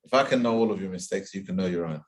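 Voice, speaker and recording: A man teaching a casual Quran pronunciation class in a community centre, patiently drawing out sounds slowly to demonstrate them. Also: deep voice. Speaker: tajweed teacher. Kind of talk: informal Quran pronunciation lesson.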